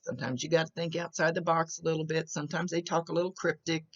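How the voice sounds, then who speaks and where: A woman psychic medium chats her way through a recorded reading for a client, describing visions as they arrive and often restarting sentences. Her voice is low-pitched and flat, she speaks fast, and the highs are cut off.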